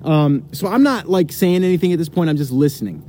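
A man's voice: fairly high pitch, animated, fairly quick, mellow, a little hiss or hum. A man telling a long story to the camera, rambling with many fillers and restarts. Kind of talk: casual storytelling.

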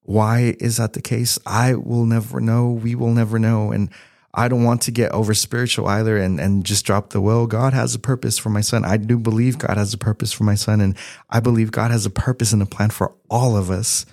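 A man in his thirties sharing a personal testimony as a pastor, earnest and unhurried, with soft laughs. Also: lowish voice, flat delivery, no room sound, studio quality. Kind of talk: sermon-style testimony.

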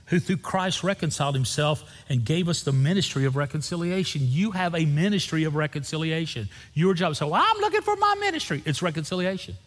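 Husky-voiced man preaching, echoey hall. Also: a little high. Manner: animated storyteller acting out dialogue. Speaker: pastor. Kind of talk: sermon with storytelling.

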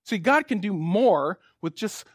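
A man's voice: high-pitched, expressive, measured pace, husky, dry recording, clean studio sound. A man preaching a casual, conversational sermon, reading scripture and then building to emphatic exhortation. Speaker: pastor.

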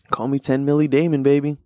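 A man's voice: medium pitch, fairly bright tone, no room sound. A man hosting a casual solo podcast, rambling and laid-back with a lot of swearing, talking close to the microphone. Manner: rambling, profane, laid-back stoner talk. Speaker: podcast host.

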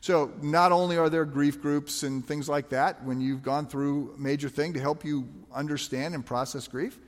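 A man's voice: on the high side, steady tone, normal speed, big-room sound. A man preaching a sermon as a pastor, talking conversationally with emphatic rhetorical questions.

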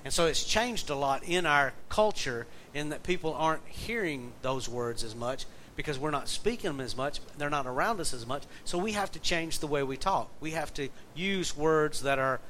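A man preaching in an easy, folksy way, his voice sitting a little high for a man. He weaves stories and wry jokes into the message. A faint hiss sits under the recording. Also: lively intonation, normal speed, few pauses, fairly bright tone, rough recording. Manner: folksy, storytelling, joking asides. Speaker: pastor and jail minister. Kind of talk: conversational sermon.

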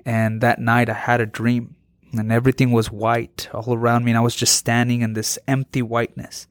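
A man's voice: mid-range voice, monotone, no room sound, clean studio sound. Earnest man sharing his testimony. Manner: earnest, halting, with frequent restarts. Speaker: interview guest. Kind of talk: personal testimony.

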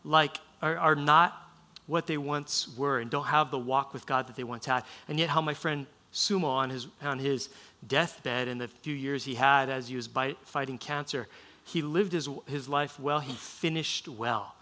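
A man's voice: mid-range voice, steady tone, normal speed, bright, forceful tone. A male pastor preaching a sermon in a casual, conversational way, with frequent restarts.

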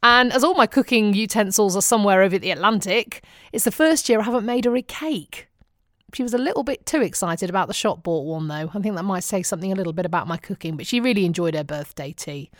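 A woman from Manchester talks with a Northern English accent in a casual diary vlog, chatty and wryly funny. Her voice sits at a middling pitch, and the sound is close and dry with no room echo. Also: expressive, fast talker. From Manchester, England. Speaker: vlogger.

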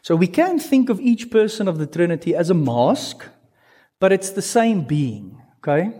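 Animated man preaching a sermon. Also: high-pitched. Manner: animated, stretches key words slowly for emphasis; asks the congregation questions, playful asides. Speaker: pastor.

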